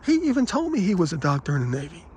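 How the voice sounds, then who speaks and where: A man vlogging, telling rambling personal anecdotes in an aggrieved, animated way and quoting the people in them. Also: a little high, rapid-fire, slight background noise. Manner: aggrieved, animated retelling with quoted dialogue.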